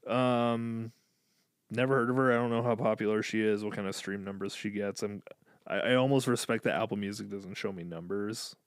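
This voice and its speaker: A man's voice: fairly low pitch, steady tone, brisk, smooth, dry recording, studio quality. A man from Illinois co-hosting a podcast, chatting casually and enthusiastically about an album, with lots of fillers and restarts. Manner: rambling, filler-heavy, enthusiastic. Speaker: podcast co-host. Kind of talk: casual music review chat.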